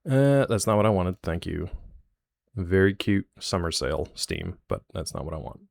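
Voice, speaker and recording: Male streamer, deep voice, joking and rambling with chat, dry close mic. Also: lively intonation, normal speed, creaky, no echo. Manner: chatty, jokey, rambling asides to chat. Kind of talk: live stream chat with viewers.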